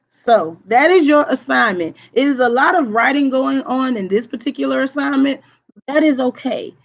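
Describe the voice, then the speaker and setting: A woman's voice: a little high, dull audio. Woman teacher with a projecting voice. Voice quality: voice projects strongly. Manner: deliberate, repeats "okay?" to check understanding. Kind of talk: recorded online lesson with screen share.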